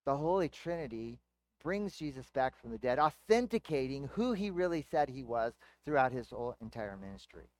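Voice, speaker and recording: A man's voice: mid-range voice, sing-song, normal speed, no echo. Man preaching a conversational sermon. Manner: conversational teaching with rhetorical questions. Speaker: pastor.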